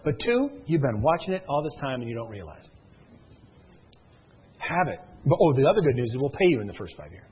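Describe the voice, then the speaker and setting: A man's voice: mid-range voice, sing-song, fairly quick, pauses often, husky. A man giving a motivational speech at a sales meeting, emphatic and repetitive, telling stories to push his audience. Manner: emphatic, repetitive, storytelling, rising and falling intensity. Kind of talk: motivational speech to a live room. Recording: tinny phone-like audio.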